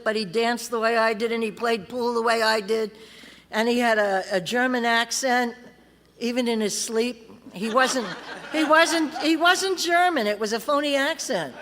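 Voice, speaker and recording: Middle-aged woman speaker, pitch a bit high, salty wry storytelling, long hall reverb. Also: fairly bright tone. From California. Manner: streetwise, wry storyteller, laughs through the story. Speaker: AA convention speaker. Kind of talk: recovery talk, personal story. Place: convention hall. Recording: live convention hall reverb.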